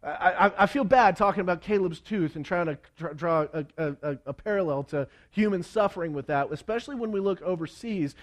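A man preaching to a congregation, telling a story in an animated way with many stumbling restarts and acted-out quotes. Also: high voice, a little fast, hardly any pauses.

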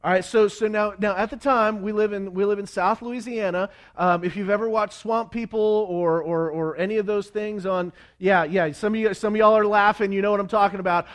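Preaching to his congregation, a man tells a story with lively energy, stumbling and restarting often and acting out the quotes. His voice sits high.

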